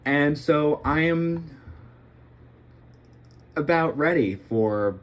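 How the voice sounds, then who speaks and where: A young gameplay streamer rambles and cracks jokes while playing a puzzle game late at night, often making fun of himself. His voice is on the high side, with lively intonation and drawn-out words.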